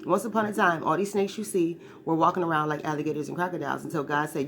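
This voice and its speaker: A woman's voice: deep voice, fast talker, hardly any pauses. Blunt, emphatic woman ranting. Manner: emphatic, keeps asking "right?" for agreement; blunt and profane, repeats points for emphasis. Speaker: speaker giving a spiritual-political briefing. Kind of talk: ranting monologue.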